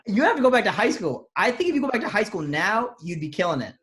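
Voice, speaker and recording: A man's voice: high voice, sing-song, fast, fairly bright tone. Rambling, swearing man on a podcast. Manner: rambling, swears freely, trails into restarts. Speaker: podcast co-host. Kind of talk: casual comedic chat.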